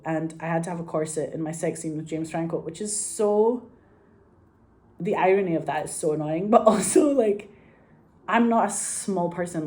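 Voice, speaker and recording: A woman talks through a film shoot in a rambling, animated way, swearing casually and laughing between thoughts. Her voice sits a little low and sounds mellow and warm. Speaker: actress. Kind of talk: casual anecdote.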